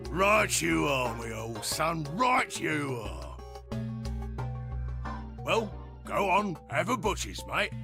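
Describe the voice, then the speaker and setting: A gruff Cockney robot golem. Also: male voice, fairly high pitch, sing-song, takes it slowly, pauses often, over music, full character voice. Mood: chummy. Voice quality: rough, chummy slang. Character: gruff working-class male robot golem. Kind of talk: video game voice acting.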